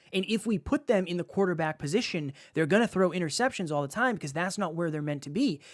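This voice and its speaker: A man co-hosting a podcast, talking in an animated way and repeating phrases as he makes his point. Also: fairly high pitch, no echo, studio quality. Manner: animated, uses sports analogies, repeats phrases. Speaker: podcast co-host. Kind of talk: casual podcast talk.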